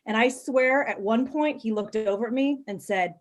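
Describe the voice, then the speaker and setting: A woman's voice: a little high, normal speed, hardly any pauses. A woman in her thirties doing a frank, bawdy stand-up set, telling stories with lots of ums and little laughs. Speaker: stand-up comedian. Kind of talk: stand-up set on a live video call.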